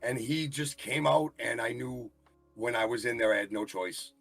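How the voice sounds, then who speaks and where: A man's voice: mid-range voice, normal speed, a bit bright, faint music behind. A blunt, brash man in his forties with a Boston accent, chatting casually as a podcast guest. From Boston, USA. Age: 40s. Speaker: guest, wrestling referee. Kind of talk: casual chat.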